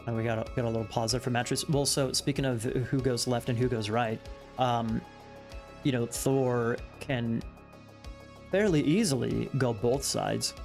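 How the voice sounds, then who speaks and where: A man's voice: mid-range voice, normal speed, vocal fry, darkish tone, faint music behind. A man co-casting a strategy game match, talking in a chatty, musing way with lots of fillers. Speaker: esports caster. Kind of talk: game commentary.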